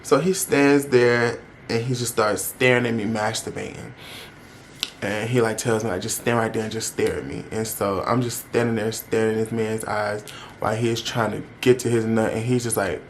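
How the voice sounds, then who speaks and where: A man's voice: fairly low pitch, steady tone, moderate pace, slight background noise. Young man telling a candid story. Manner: candid, chatty, uses slang and addresses viewers. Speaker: vlogger. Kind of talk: casual storytime vlog.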